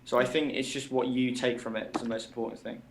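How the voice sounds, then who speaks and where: A man's voice: mid-range voice, level tone, slight background noise. Young British man in an echoey room. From Britain. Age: young adult. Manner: measured, thinking aloud with hesitations. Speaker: music student guest. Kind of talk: casual chat. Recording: roomy echo.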